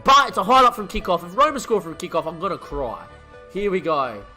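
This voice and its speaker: Brief: male streamer, high bright voice, calls his own football match, quiet mutters then loud yells, faint music behind. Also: fairly quick. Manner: excitable, swings from muttering to shouting. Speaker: gaming streamer. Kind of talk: live football game commentary.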